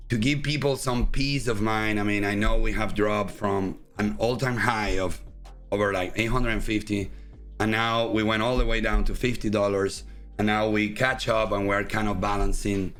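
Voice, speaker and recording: A man's voice: fairly low pitch, steady tone, normal speed, fairly bright tone, soft background music. A man with a Spanish accent, a native Spanish speaker, hosting a casual livestream interview in a loose, chatty way full of fillers. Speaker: host.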